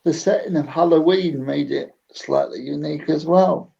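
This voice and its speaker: Man, relaxed book club guest; heavy vocal fry, dull lo-fi audio. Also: fairly high pitch, moderate pace. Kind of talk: casual video chat. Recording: gravelly, dull lo-fi line.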